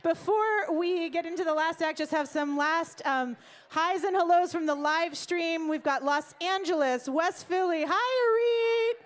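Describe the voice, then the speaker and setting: A woman hosting a live stage event, playful and energetic, shouting out to the crowd and reading messages in a music venue. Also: high voice, moderate pace. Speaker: event host.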